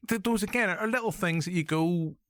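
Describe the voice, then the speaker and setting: A man with a high voice and a Northern Irish accent hosts a casual film review podcast, talking fairly quickly. He's animated and jokey, full of swearing and asides, and the recording has no echo.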